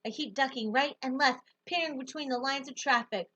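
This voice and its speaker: A woman reading a novel aloud in the first person, with expressive, lively storytelling. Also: high-pitched, fairly quick, dull audio. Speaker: audiobook narrator.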